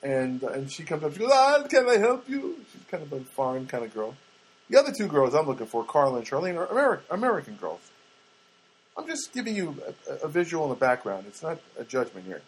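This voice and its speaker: This podcast host talks fast in a husky, medium-pitched voice with big pitch swings, over poor audio. He spins rambling comic tales in a chatty manner, breaking off into asides.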